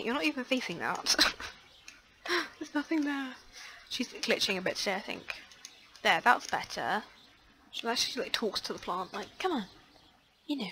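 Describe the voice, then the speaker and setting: Bright-voiced excitable young woman gamer. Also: mid-range voice, slight background noise, poor audio. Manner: chatty and excitable, frequent gasps and fillers. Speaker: let's play host. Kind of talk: casual gameplay commentary.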